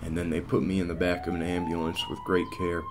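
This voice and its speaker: A man's voice: low-pitched, flat delivery, fast talker, background noise, close to an everyday voice. A man playing a rambling, beer-bellied guy. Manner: rambling and meandering, full of "like" and false starts. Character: scruffy, beer-bellied, self-important man. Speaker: cartoon lead and narrator. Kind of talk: rambling storytelling.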